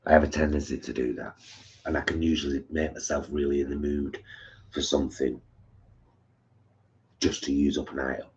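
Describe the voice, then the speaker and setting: A man's voice: very deep voice, little pitch movement, moderate pace, pauses often, a little mellow. A man co-hosting a casual live-stream chat, telling stories in a chatty way over a dull, lo-fi recording. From England. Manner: chatty, storytelling. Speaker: co-host. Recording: dull lo-fi sound.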